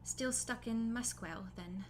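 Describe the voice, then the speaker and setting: A woman's voice: on the high side, slow, noisy background. A woman playing a shy, subdued adventurer woman.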